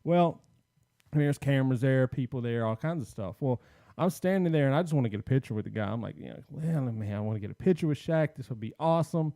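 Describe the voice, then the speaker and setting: A man with a dark, mellow voice tells a story on a podcast in a casual way. He acts out each line people said to him. His voice is recorded dry and close. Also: medium pitch, quick pace, dry recording. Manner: animated storyteller acting out quotes. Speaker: podcast host.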